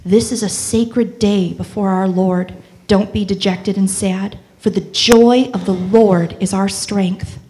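A woman reading a scripture passage aloud in church, measured and solemn. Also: mid-range voice, fairly even intonation, warm tone, poor audio. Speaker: scripture reader.

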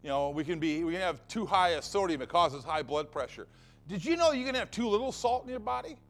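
A man's voice: high-pitched, animated, fairly quick, a bit bright. A man preaching a sermon as pastor of his church, emphatic and fond of repeating phrases for effect.

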